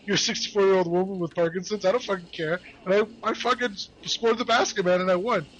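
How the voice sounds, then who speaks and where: A man's voice: high voice, fairly even intonation, fairly bright tone, lo-fi sound. A man joking with friends over a video game, telling rambling absurd stories and drawing out his punchlines. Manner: rambling absurd tall tales, slow drawl for punchlines. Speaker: co-host of a gaming stream. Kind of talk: joking gaming banter.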